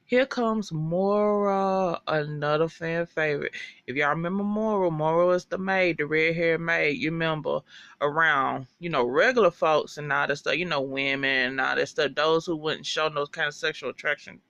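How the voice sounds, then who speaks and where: Fan recapper for a TV show: gravelly, foul-mouthed and animated, on a dull lo-fi recording. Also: medium pitch, normal speed, no room sound. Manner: animated, profane, chatty storytelling. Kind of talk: casual episode recap.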